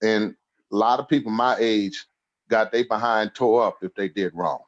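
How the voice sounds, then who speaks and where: A man's voice: on the low side, fairly even intonation, moderate pace, lo-fi sound. Laughing storyteller in his sixties. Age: 60s. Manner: humorous, laughs through his stories. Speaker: podcast guest. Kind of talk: casual storytelling interview.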